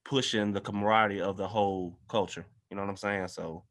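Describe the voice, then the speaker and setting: A man hosts a casual podcast discussion. His voice sits fairly low but rings bright and forward. He talks in a loose, earnest, conversational way. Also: steady tone, fast. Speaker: guest host.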